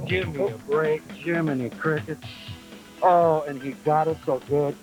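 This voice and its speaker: A man fishing from a boat on a lake, talking about bass and then exclaiming loudly as he lands a big fish. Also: fairly even intonation, unhurried, music in the background. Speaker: tournament angler. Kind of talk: excited on-water fishing commentary.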